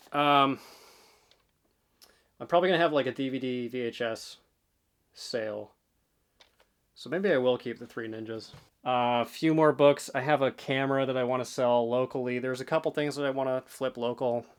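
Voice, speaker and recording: A man's voice: medium pitch, a bit bright. A man talking casually to the camera as a reselling vlogger, offhand and rambling, a bit out of breath. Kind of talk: casual vlog talk.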